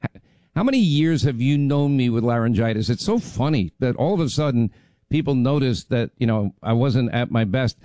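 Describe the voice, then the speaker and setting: A man's voice: mid-range voice, animated, moderate pace, dark tone, no room sound. A man hosting a talk radio show, rambling and chatty, getting over laryngitis. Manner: rambling, chatty, many fillers. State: recovering from laryngitis. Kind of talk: casual talk radio chat.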